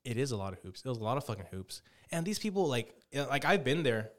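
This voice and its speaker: Young host, rapid, sweary storyteller. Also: male voice, medium pitch, very animated. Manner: profane, ranting storyteller, puts on voices. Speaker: podcast host. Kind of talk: casual chat.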